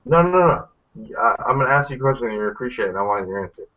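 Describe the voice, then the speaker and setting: A man's voice: mid-range voice, expressive, very fast. A man hosting a casual group video chat, rambling and blunt, swearing freely. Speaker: hangout host. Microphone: video call. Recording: tinny phone-like audio.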